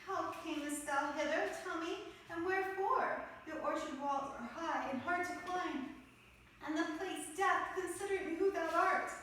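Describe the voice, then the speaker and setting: A woman's voice: extremely high pitch, moderate pace, fairly bright tone, a little hiss or hum. A woman reading the part of Juliet, an anxious and devoted young woman, speaking verse lines carefully. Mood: worried. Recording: echoey room, mic far off, faint ambience.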